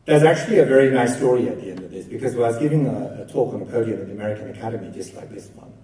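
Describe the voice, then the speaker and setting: Mellow-voiced man lecturing in echoey hall. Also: on the low side, expressive, racing, recorded from a distance. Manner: conversational, lightly humorous storytelling. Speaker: keynote lecturer. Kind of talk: academic lecture with anecdotes. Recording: echoey hall, picked up from afar.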